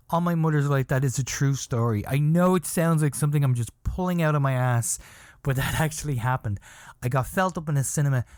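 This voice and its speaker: A man's voice: a little high, no room sound, clean studio sound. A middle-aged man hosting a podcast, telling a casual story in a rambling, profane way full of "you know". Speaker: podcast host.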